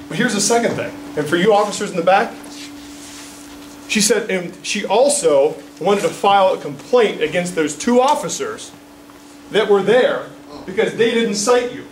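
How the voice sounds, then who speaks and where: Animated man speaking at a press conference. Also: high-pitched, normal speed. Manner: animated, indignant storytelling; checks in with the crowd often. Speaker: political candidate. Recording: roomy, distant mic, faint background noise.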